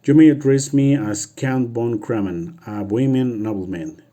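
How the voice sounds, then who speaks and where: A man voicing a secretive, imposing masked nobleman in a read-aloud story, with halting restarts. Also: mid-range voice, warm tone, close to an everyday voice. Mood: guarded.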